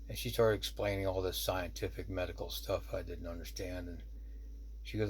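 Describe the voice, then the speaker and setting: A man's voice: low voice, flat delivery, normal speed, pauses often, darkish tone, husky. A man who works as a shaman telling a true story in a rambling, conversational way, full of "you know" asides. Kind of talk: casual spoken storytelling.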